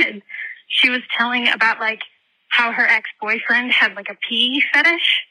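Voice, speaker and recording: A woman calls in from outdoors while walking her dog and tells a frank story with little laughs. Her voice is very bright and a touch high, coming through a phone. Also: unhurried, poor audio. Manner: candid, giggly storyteller. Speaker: voicemail caller.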